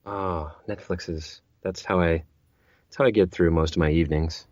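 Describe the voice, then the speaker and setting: A man's voice: deep voice, steady tone, moderate pace, darkish tone, dry recording, highs cut off. A man who narrates audiobooks, chatting as an interview guest, rambling with many restarts and repeated words. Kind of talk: casual interview chat.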